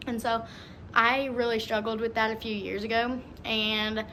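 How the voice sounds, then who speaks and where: A woman's voice: a little high, little pitch movement, moderate pace, bright, forceful tone, slight background noise. A young woman in her twenties vlogging in a chatty, giggly way, with lots of "like" and "um". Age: 20s. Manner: chatty and giggly, many fillers like "like" and "um". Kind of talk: casual vlog chat.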